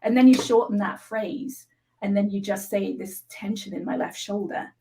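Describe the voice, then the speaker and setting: A woman explaining a tapping technique as a guest, speaking calmly and checking in often. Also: mid-range voice, moderate pace, rough recording. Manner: calm, instructive, frequent "right?" check-ins. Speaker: EFT tapping practitioner, guest. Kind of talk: explaining a technique on a live show.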